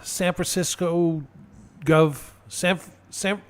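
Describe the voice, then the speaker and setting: A man co-hosting a casual political talk radio show, talking in a halting way with fillers and restarts. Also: fairly high pitch, steady tone. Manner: halting, lots of fillers and restarts, laughs at own stories. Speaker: radio co-host.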